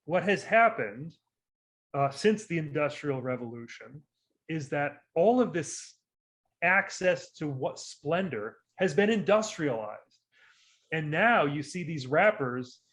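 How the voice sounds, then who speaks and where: Male podcast co-host, slow and emphatic, fairly high voice, argues by repetition. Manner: emphatic, building a drawn-out argument with repeated phrases. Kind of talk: casual chat.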